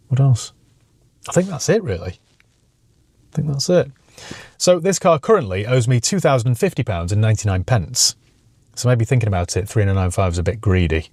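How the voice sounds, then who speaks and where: A Northern English man in his thirties narrates his car-dealing vlog in a loose, conversational way. He is wry and quick to mock himself, and his voice sits in a middle range. A faint wash of outdoor town noise runs underneath. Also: mid-range voice. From England. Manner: chatty, wry and self-mocking. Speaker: used car dealer and channel host.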